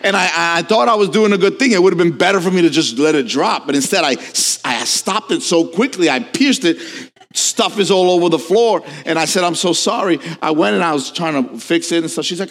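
Male pastor, slightly high voice, animated sermon delivery, long church reverb. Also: brisk. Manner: animated preaching, swings from soft to shouting. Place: church sanctuary.

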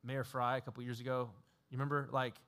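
A man preaching a sermon in a relaxed, conversational storytelling way, chuckling often and using lots of fillers. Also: medium pitch, fast, clear, resonant tone.

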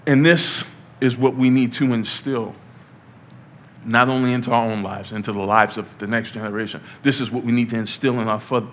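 With a medium-pitched, slightly bright voice, this man in his thirties gives a relaxed sermon in church. His delivery is chatty and playful but climbs to forceful high points.

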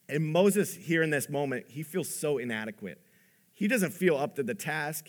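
A man preaching a sermon in an earnest, conversational way, his voice rising for emphasis and dropping low for the quiet points. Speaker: pastor.

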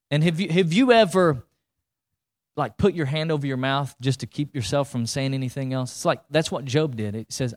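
A man preaching a sermon in a lively, colloquial way, full of rhetorical questions and asides to the congregation. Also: mid-range voice, normal speed. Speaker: pastor.

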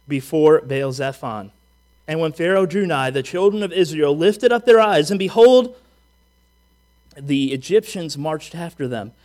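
A man preaching a sermon as pastor, reading scripture aloud and acting out the whining voices he quotes. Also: a little high. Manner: reads scripture aloud, then preaches with animated acted-out quotes.

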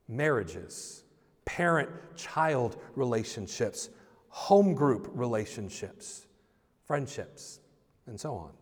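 A male pastor preaching a conversational sermon, informal, often restarting and repeating words. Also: on the high side. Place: church sanctuary. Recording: long reverb of a church hall.

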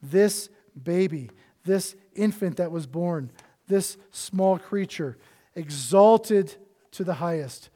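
A male pastor preaching a sermon with earnest passion, swinging between loud emphasis and hushed, near-whispered lines. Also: high voice, slow pace.

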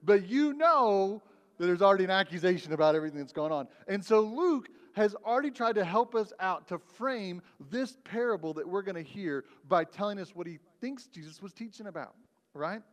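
A man's voice: high-pitched, animated, a little fast, in a large hall. A man preaching a conversational sermon as pastor, often checking in with the congregation. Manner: conversational, asks "right?" often. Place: church sanctuary.

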